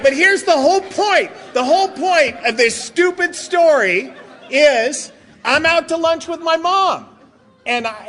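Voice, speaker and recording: A man's voice: very high-pitched, noisy background. A middle-aged man giving a comic storytelling talk as a recovery meeting speaker, joking, laughing often and acting out his own lines. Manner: laughs often while telling stories.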